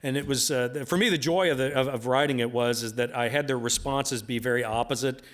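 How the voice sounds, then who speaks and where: A man's voice: mid-range voice, steady tone, brisk, a bit bright. A man, an author, telling stories to an audience in a rambling, self-deprecating way, full of repeated filler phrases. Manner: self-deprecating humor, laughs at his own jokes. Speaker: author speaking at a book event. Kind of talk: live storytelling talk to an audience.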